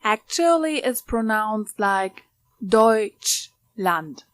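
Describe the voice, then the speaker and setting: A woman's voice: fairly high pitch, animated, extremely slow, no room sound, studio quality. A woman voicing a blunt teenage girl. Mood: firm, correcting. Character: teenage German girl, frank and indignant. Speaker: voice of the story's poster. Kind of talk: voiced dialogue in a narrated story.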